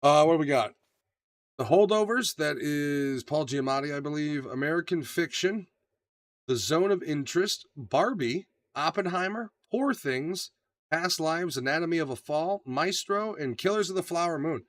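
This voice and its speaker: A man co-hosting a casual podcast chat, profane and animated, acting out quotes in his stories. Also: on the high side, moderate pace, dry recording. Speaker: podcast co-host.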